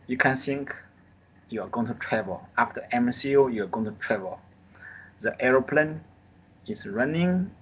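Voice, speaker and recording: A man's voice: medium pitch, expressive, normal speed, fairly bright tone, husky. A man with a Chinese accent teaching a live online Mandarin class. He drills pinyin sounds and tones, and his English phrasing is non-native. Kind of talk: live online group lesson. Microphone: video call.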